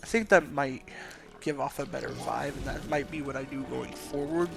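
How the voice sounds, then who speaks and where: A man giving soft-spoken, rambling let's play commentary at home at night, with game music behind. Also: medium pitch, moderate pace, creaky.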